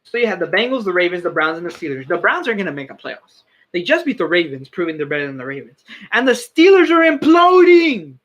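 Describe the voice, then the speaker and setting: A high-pitched young man talks through his team rankings in casual sports commentary. He is firmly opinionated and often stops to correct or restart his sentences. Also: very animated, fast talker, a bit bright, lo-fi sound.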